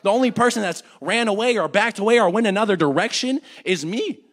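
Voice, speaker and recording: A young man teaching an adult church class, earnestly swinging between loud urging and hushed reflection. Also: sits high, animated, fairly quick. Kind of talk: sermon.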